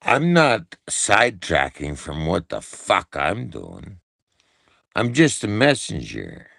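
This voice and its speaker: Slow, gravelly man ranting. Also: sits low, huge pitch swings, fairly bright tone, no echo, studio quality. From Canada. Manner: repetitive, profane, mocking. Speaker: live-stream host. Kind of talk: profane live-stream rant.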